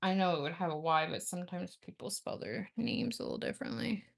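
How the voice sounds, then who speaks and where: A woman's voice: on the low side, fast talker, vocal fry. A woman chatting casually with viewers on a livestream, rambling and laughing often. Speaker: nail art livestream host.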